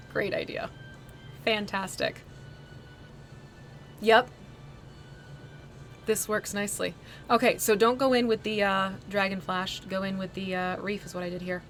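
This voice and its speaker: A woman hosting a casual painting livestream, thinking aloud as she works and answering her chat with bursts of excitement. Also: medium pitch. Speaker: livestream host painting a miniature. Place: home art desk near an air conditioner.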